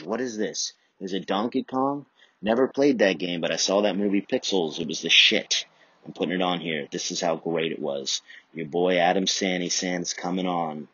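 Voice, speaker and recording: A low-voiced man with a husky edge rants through a podcast monologue, cursing freely and bouncing from tangent to tangent. The sound is dry and a bit dull, like a lo-fi home recording. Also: normal speed, a bit bright, dry recording. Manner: profane, riffing, jumps between tangents. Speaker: podcast host. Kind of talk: rambling comedic monologue.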